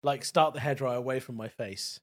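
A man co-hosting a casual comedy podcast, blunt and teasing, quick to laugh. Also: medium pitch.

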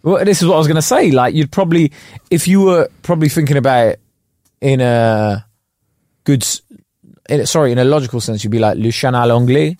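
Rambling podcast co-host. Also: male voice, on the high side, a little fast, a little mellow, dry recording, studio quality. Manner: rambling, explanatory, self-mocking. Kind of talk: casual comedic chat.

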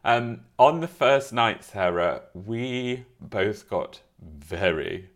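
A man's voice: fairly low pitch, lively intonation, very slow, fairly bright tone. A man co-hosting a podcast, telling a story in a theatrical way and acting out quotes. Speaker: podcast co-host. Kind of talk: casual chat, storytelling.

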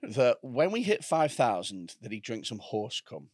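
A man's voice: medium pitch, a little slow, dry recording, studio quality. A man co-hosting a podcast, telling rambling stories full of crude humour. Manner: animated, rambling storyteller. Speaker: podcast co-host. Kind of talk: crude comedic banter.

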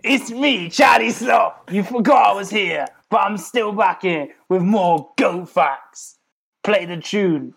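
A man's voice: sits high, slow, creaky, a bit bright, husky, full character voice. A man putting on a brash male radio DJ voice, chanting a jingle between announcements. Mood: hyped. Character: hyped-up male radio DJ shouting catchphrases.

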